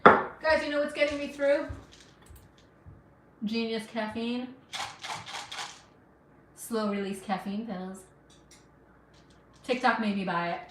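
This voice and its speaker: Middle-aged woman, slightly high voice, friendly and encouraging cooking-stream host, a bit sniffly, recorded off-mic in a roomy kitchen. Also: slow, long pauses, distant mic, background noise. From Afghanistan. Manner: chatty, encouraging, talks to viewers while cooking. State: sniffling from allergies. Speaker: cooking livestreamer. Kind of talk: casual live cooking stream chat. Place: home kitchen.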